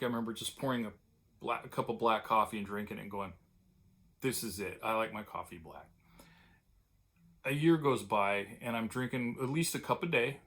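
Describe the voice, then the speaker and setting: Older california guy rambling thru old memories, lots of ums and restarts, mid pitch, kinda wistful. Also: a bit bright. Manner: rambling, digressive, with many fillers and restarts; wistful and tender when remembering a late friend. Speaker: vlogger. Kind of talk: casual reminiscing monologue.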